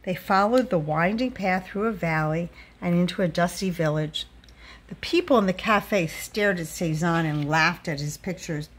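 A woman reading a children's picture book aloud, with expressive storytelling delivery. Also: on the low side, normal speed.

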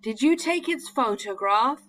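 A woman's voice: on the high side, lively intonation, measured pace, a bit bright, a little hiss or hum, voice pushed up. A woman voicing Chip, a cautious young boy who scolds and urges the others. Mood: reassuring. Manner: urgent, scolding.

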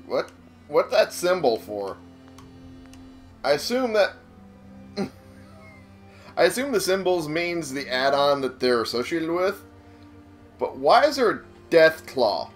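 A man's voice: on the high side, sing-song, takes it slowly, long pauses. A young man giving casual, rambling commentary while playing a video game, swearing and laughing often. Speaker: let's-play gamer. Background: game music.

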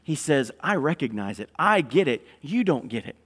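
A male pastor preaches with fervor. His voice sits high for a man, and he swings from loud proclamation to low, pressing intensity. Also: big pitch swings, moderate pace, slightly rough. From North Carolina, USA. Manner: impassioned, swings from loud declaring to hushed intensity. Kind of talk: sermon.

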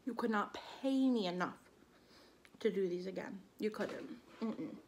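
A woman's voice: mid-range voice, a little slow, slightly rough. A young woman vlogging to camera, flustered and a bit shaky, her mouth numb from spicy food. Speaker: mukbang vlogger. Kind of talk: casual vlog talk to camera.

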